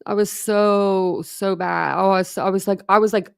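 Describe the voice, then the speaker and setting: Chatting loosely with her livestream viewers, the true crime host rambles with lots of fillers and restarts while reading out and responding to chat comments. She has a mid-range, gravelly yet smooth voice, fairly even intonation and a moderate pace.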